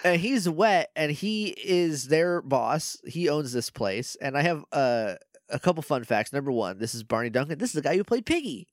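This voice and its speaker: Male podcast co-host, casual and chatty, fairly high and animated, dry close sound. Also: normal speed, few pauses, no echo. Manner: chatty, laughs often, trails off with fillers. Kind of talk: casual chat recapping a TV episode.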